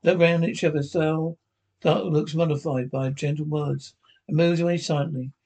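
A man reading aloud a fan-written scene description of a TV episode, halting and often stumbling and repeating words. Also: fairly high pitch, steady tone, darkish tone. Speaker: narrator.

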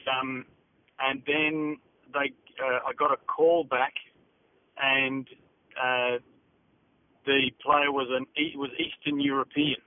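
A middle-aged man from England with an Australian accent, recalling his acting work in a hesitant phone interview full of fillers. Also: mid-range voice. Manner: hesitant, many fillers and restarts. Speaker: interview guest, actor. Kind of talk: phone interview, casual recollection. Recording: tinny phone line.

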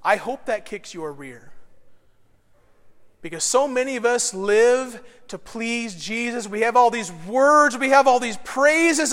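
Brief: male pastor, very high voice, chatty sermon delivery, church hall with long echo. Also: animated, measured pace, long pauses, fairly bright tone. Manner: conversational, acts out quoted voices. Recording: long reverb of a large hall.

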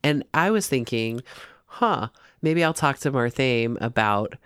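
A pastor and visual artist as a podcast guest, chatting in a playful, teasing way with quick asides. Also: mid-range voice, animated, a bit bright, clean tone, no room sound, studio quality. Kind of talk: casual conversational interview.

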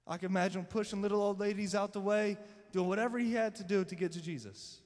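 A man's voice: high-pitched, fairly even intonation, quick pace, darkish tone, big-room sound. A man preaching a sermon to his church, telling a scripture story dramatically and voicing the people in it. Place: church sanctuary.

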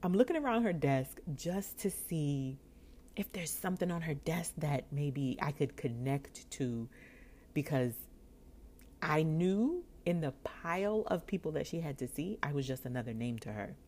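A woman vlogger telling a personal story in an animated, expressive way, acting out the voices of the people in it and laughing often. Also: deep voice, unhurried.

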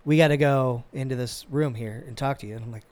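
A man hosting a podcast, telling a work story in a casual, animated and profane way. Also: medium pitch, fast, no echo. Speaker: podcast host.

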